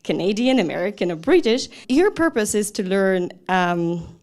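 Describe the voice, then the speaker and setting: A woman lectures on learning a language, in a voice of middle pitch. She talks straight to her listeners, asking questions and then answering them herself. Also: sing-song, normal speed, a little mellow. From Russia. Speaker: language teacher. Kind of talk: lecture talk.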